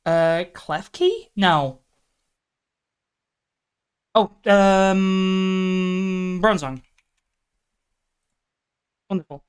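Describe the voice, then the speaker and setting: A woman's voice: medium pitch, lively intonation, very slow, long pauses, smooth. A woman streaming live, thinking aloud through a guessing game and breaking into exasperated outbursts. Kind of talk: live stream chat while gaming.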